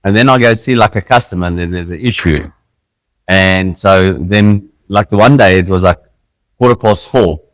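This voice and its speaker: A man's voice: low-pitched, normal speed, no echo. A South African man co-hosting a casual podcast, telling laid-back stories with "like" fillers. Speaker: podcast co-host. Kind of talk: casual chat.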